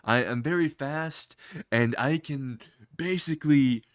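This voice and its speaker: A man's voice: medium pitch, measured pace, natural voice. A man voicing a young male student who boasts about himself with a slight stammer. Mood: boastful.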